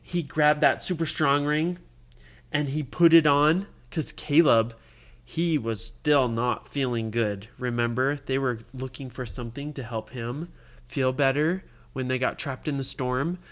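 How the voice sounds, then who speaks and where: Animated storyteller quizzing a child. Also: mid-range voice, measured pace. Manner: animated, keeps quizzing the listener. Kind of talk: improvised bedtime story for a child.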